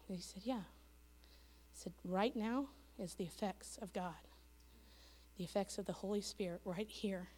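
A woman tells a church testimony in earnest storytelling. Her pitch sits in a middle range, and she sometimes drops to a soft hush. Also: a little slow, pauses often. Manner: earnest storytelling, quoting others, dropping to a hush at the end. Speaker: missionary speaker. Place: church sanctuary.

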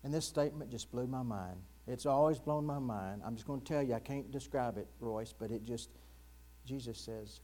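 Earnest male pastor preaching softly. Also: medium pitch, normal speed. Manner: earnest, drops to a hushed near-whisper on quoted verses; addresses congregation directly with questions. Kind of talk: sermon. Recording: mains hum in the background.

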